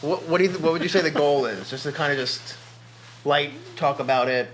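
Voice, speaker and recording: A man's voice: a little high, fairly quick, a bit bright. A man hosting a casual chat, loosely setting up what the group will do. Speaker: podcast host. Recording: noisy room recording.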